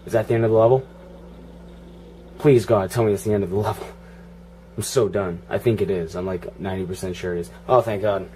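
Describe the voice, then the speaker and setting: A man's voice: fairly low pitch, fairly even intonation, fairly quick, pauses often, mellow, slight background noise. Foul-mouthed man narrating his gameplay. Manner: profane, frustrated running banter at the game. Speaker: gaming channel host. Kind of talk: video game playthrough commentary.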